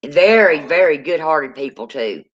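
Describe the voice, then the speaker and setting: A woman with a deep Southern US accent chatting casually and folksily on a livestream, calling people honey. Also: animated, moderate pace, highs cut off. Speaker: co-host.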